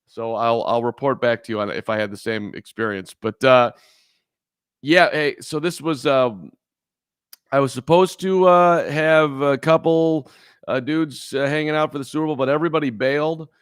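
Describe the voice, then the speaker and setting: A Chicago podcast co-host tells a meandering story on a casual sports show, restarting it again and again. His mid-range voice is clear and resonant at a moderate pace, recorded clean in a studio with no room sound.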